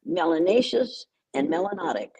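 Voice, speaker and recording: Older woman, dark and husky. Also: on the low side, very animated, normal speed, poor audio. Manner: emphatic, repeats words for stress. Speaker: guest educator. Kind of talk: conversational interview.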